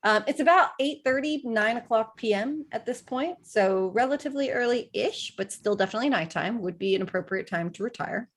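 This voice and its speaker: A woman narrating a tabletop game as game master, halting with many fillers and easy giggles. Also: medium pitch.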